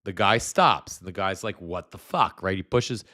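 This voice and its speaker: A low-voiced man with a sharp tone hosts a live stream at a moderate pace. He explains things at his computer bluntly and scornfully, restarting his sentences often.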